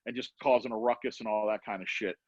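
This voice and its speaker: A man's voice: on the low side, steady tone, quick pace, slightly rough, no echo, lo-fi sound. A man telling a story in casual podcast talk, acting out the voices of the people he quotes. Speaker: podcast guest.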